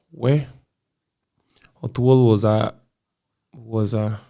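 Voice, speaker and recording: A man with a Kenyan accent, a comedian chatting as a guest in a relaxed interview, telling stories in a lively way and laughing often. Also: lowish voice, very slow, vocal fry. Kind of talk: casual interview chat.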